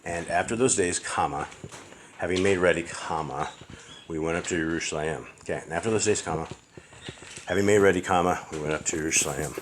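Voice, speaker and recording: Low-voiced guy reading a bible text out slow, calling commas and spelling words, bit of hiss. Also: fairly bright tone. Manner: slow, deliberate read-aloud with spelled-out words and quick asides. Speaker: scripture proofreader. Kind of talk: dictating a text aloud, line by line. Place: house with barking dogs nearby.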